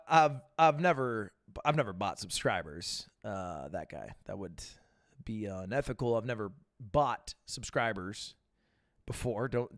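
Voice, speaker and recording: A man's voice: fairly low pitch, no echo, clean studio sound. A man streaming live, answering viewer questions in loose, profane chat full of stammered restarts.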